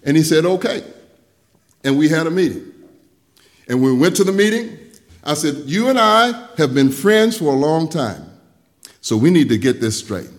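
High-voiced older pastor telling stories. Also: male voice, big pitch swings, normal speed, long pauses. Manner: storytelling, drops soft and low for quoted talk, rises loud when preaching. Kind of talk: sermon with personal stories.

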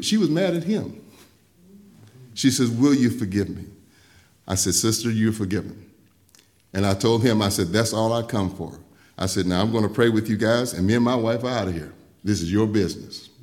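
An older man preaching a sermon, telling personal stories, dropping soft and low for quoted talk and rising loud when he preaches. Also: moderate pace. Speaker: pastor.

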